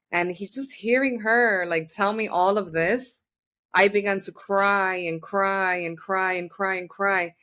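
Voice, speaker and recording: A woman with a slightly low voice tells her own story as a podcast guest. She is earnest and chatty, often slipping into the words she once said. Her voice sits a little back from the microphone. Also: fairly bright tone, distant mic. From New York City. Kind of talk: personal storytelling in an interview.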